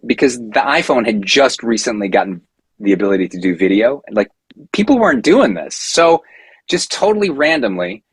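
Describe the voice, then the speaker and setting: A man in his forties, a guest on a podcast, telling a long personal story in a casual, animated way with many fillers and restarts. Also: medium pitch, fairly quick, husky, no room sound, low-quality recording.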